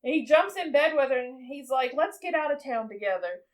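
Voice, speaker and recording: A woman's voice: high voice, lively intonation, brisk. A woman in her thirties co-hosting a podcast, chatting casually as she retells a movie and acts out its lines. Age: 30s. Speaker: podcast co-host. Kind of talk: casual film recap chat.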